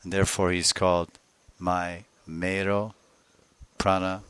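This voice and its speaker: A man giving a devotional sermon as a spiritual teacher, telling a sacred story with soft laughs and acting out the voices of its figures. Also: deep voice, flat delivery, unhurried, clean tone, dry recording. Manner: laughs softly between phrases.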